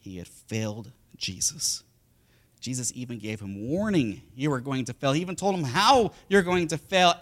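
A middle-aged man preaching a sermon as a pastor, telling the story with lively, animated delivery and acting out the voices of the people in it. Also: medium pitch, normal speed.

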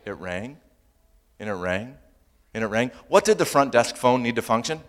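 A male pastor preaching a sermon, humorous and animated, moving between loud punchlines and quiet, earnest asides. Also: medium pitch, moderate pace. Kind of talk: sermon with personal storytelling.

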